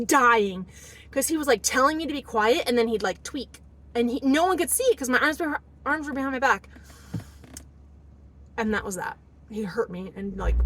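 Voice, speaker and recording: Woman venting her story from the car, acts out the quotes, kinda high voice, low road noise. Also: a bit bright, poor audio. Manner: rambling, emotional, acts out quotes. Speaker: vlogger telling her story. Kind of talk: casual storytelling monologue.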